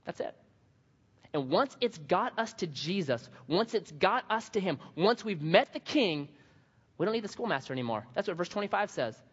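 Brief: male pastor, fairly high voice, animated storyteller, dull recording from a church hall with long reverb. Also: slightly rough. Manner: animated, humorous storytelling with emphatic repetition. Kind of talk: sermon.

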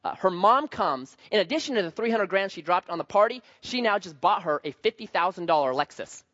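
A male pastor preaching a sermon in an animated, joking, conversational manner. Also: high-pitched, brisk, highs cut off.

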